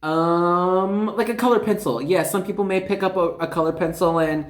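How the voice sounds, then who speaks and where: A tarot reader giving a casual spiritual card reading, excitable and chatty, with lots of fillers and asides. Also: medium pitch, moderate pace, hardly any pauses. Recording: echoey room.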